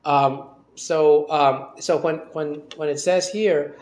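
Male Bible teacher, slightly higher voice, halting delivery full of ums and restarts. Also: steady tone. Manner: hesitant, many fillers and restarts. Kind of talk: informal Bible study talk.

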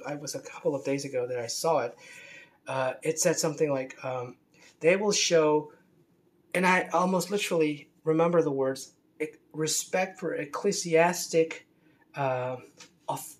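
A man talking in a rambling, unscripted monologue, with many restarts and fillers and a scornful edge. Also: fairly high pitch. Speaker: commentator on religion.

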